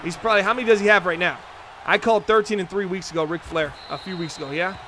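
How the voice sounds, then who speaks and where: A man hosting a football video game livestream, calling the plays in excitable play-by-play and chatting to viewers. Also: sits high, fast talker, a little hiss or hum. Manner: excitable, chatty, talks straight to the chat viewers. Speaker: livestream host and commentator.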